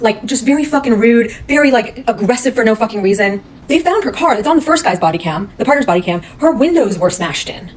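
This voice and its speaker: A woman's voice: fairly high pitch, expressive, fast talker, few pauses, poor audio. A woman retelling a true crime case in a casual, blunt, heated way, swearing often.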